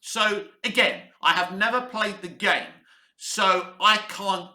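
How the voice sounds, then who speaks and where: A man's voice: sits high, slow pace, pushed and bright, roomy sound. A man giving a blunt, candid TV review to camera, swearing freely. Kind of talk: casual opinionated review to camera. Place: room where he is based, in Cyprus.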